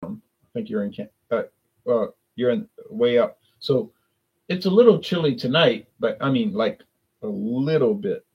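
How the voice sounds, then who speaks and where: A man's voice: medium pitch, expressive, normal speed, breathy edge, muffled recording. A man from South Louisiana with a South Louisiana accent, rambling through a casual live-stream chat about drinks with lots of restarts and self-corrections.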